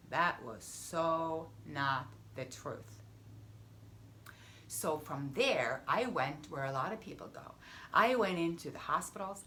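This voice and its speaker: Woman, health coach, personal storytelling, emphatic, repeats phrases, faint background noise. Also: fairly low pitch. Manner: emphatic, repeating phrases, dropping to a hush for effect.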